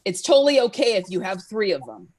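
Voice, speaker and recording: A woman doing a stand-up set of deadpan one-liners over a live stream from home, often laughing at her own jokes. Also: mid-range voice, fast talker. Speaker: stand-up comedian.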